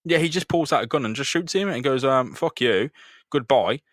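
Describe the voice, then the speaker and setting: A man's voice: on the high side, lively intonation, fast talker, fairly bright tone, no room sound. A man co-hosting a casual comic book chat, joking and swearing as he recaps the story, often breaking into silly voices. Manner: jokey, sweary, puts on silly villain voices. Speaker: podcast co-host.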